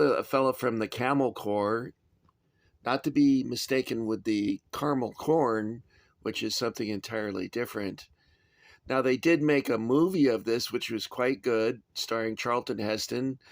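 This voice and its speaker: A man reviewing his toy soldier collection in a casual, chatty way, often pausing with "uh" and adding dry asides. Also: medium pitch, no room sound. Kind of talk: casual show-and-tell review.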